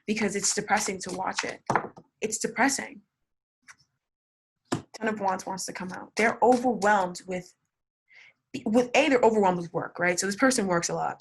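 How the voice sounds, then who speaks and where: A young woman giving a casual tarot reading, blunt and swearing, repeating words for emphasis. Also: medium pitch. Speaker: tarot reader.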